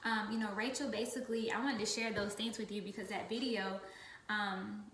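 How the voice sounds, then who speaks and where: A woman's voice: medium pitch, fairly even intonation, a little fast, a bit bright, reverberant, a little hiss or hum. A woman leading a business team, talking casually about her faith and stressing points by repeating words. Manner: emphatic, repeats phrases for stress. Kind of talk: casual faith-based vlog talk.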